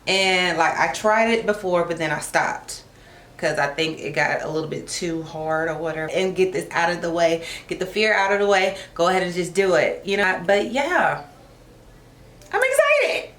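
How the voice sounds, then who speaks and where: A woman's voice: lowish voice, fairly even intonation, normal speed, a bit bright. A young woman, a lash artist chatting casually to camera in a vlog and calling her viewers y'all. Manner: chatty and self-teasing, calls viewers y'all. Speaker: licensed esthetician and lash artist. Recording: echoey room with faint music.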